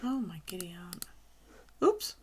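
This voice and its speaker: A woman's voice: fairly low pitch, sing-song, a little slow, warm tone, slight background noise. A woman streamer chatting casually and rambling, with frequent swearing, during a live stream from home.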